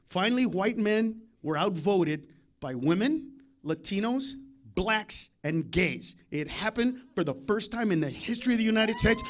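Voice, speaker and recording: A man doing live stand-up comedy, ranting loudly and brashly with lots of profanity. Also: sits high, expressive, moderate pace.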